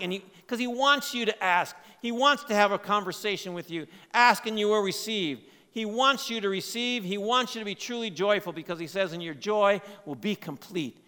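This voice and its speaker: A man preaching a sermon, swinging between loud emphatic lines and quiet, low asides. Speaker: pastor. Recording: long hall reverb.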